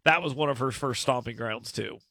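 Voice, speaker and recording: A man's voice: medium pitch, fairly quick, bright, forceful tone, no echo. A man hosting a talk radio show, giving emphatic commentary and often repeating words as he starts a point.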